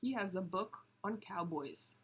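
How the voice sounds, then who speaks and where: A woman reading a picture book aloud, slow and deliberate, stopping to point out the pictures. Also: mid-range voice, lively intonation, fairly bright tone, husky. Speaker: storybook reader.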